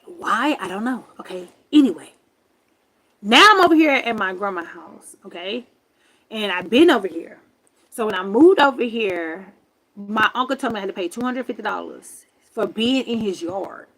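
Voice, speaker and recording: A woman in her forties telling a story on a livestream from her grandmother's home, animated and emphatic, swearing freely. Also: mid-range voice, moderate pace. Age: 40s. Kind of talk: casual storytelling rant.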